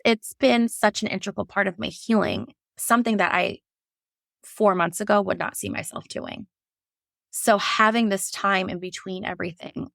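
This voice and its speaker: A woman's voice: lowish voice, gravelly, no room sound, studio quality. A woman, a labor and delivery nurse, tells her own story frankly and emotionally, with many restarts. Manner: slips into animated voices when quoting herself. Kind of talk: candid personal storytelling.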